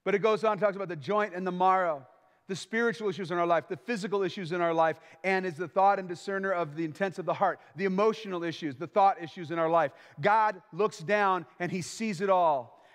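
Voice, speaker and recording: A man preaching a sermon as pastor, emphatic and lively, acting out little bits of everyday small talk. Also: sits high, brisk, long reverb tail.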